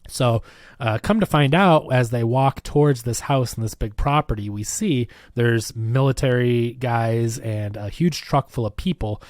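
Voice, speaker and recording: A man's voice: mid-range voice, unhurried, dry recording, clean studio sound. A man casually retelling a film's plot on a review podcast, acting out quoted lines, with many fillers. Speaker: film review podcast host.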